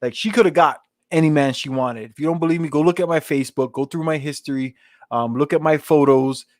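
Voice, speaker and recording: A man's voice: on the high side, brisk, darkish tone, no echo, clean studio sound. A man in his forties hosting his channel, giving casual rambling advice in street slang and often asking "you know what I'm saying". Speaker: channel host.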